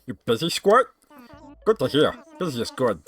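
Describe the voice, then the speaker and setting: A man voicing a boastful, peppy male frog villager who brags loudly. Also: medium pitch, sing-song, moderate pace, voice pushed up, lightly acted. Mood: bragging.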